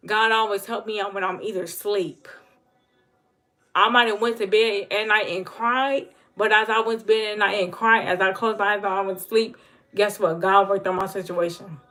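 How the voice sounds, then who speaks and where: A woman's voice: mid-range voice, fairly even intonation, moderate pace, sharp tone. A woman giving an earnest, emotional talk about faith to viewers on her livestream. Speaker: livestream host. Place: home livestream.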